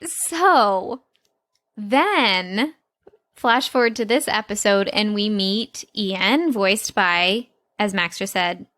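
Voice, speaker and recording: A woman's voice: mid-range voice, takes it slowly, a bit bright, dry recording. A woman co-hosting a podcast in casual chat, upbeat and eager to share fun facts. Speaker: podcast co-host.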